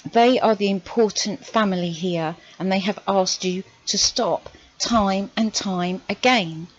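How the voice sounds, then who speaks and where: A woman's voice: mid-range voice, unhurried, muffled recording. A woman hosting her channel, commenting on clips with exasperated, sarcastic rhetorical questions. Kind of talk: reaction commentary.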